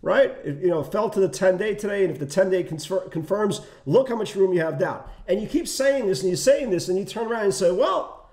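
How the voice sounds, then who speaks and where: A man giving casual, animated market commentary as a trading educator, full of asides and quick questions to the listener. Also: high-pitched. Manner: animated, conversational, many asides and "right?". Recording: echoey room.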